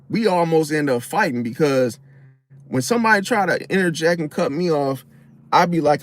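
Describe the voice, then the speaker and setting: A man giving casual advice in a slangy, animated way, often acting out loud high-pitched interruptions. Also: normal speed, no room sound. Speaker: astrology commentator.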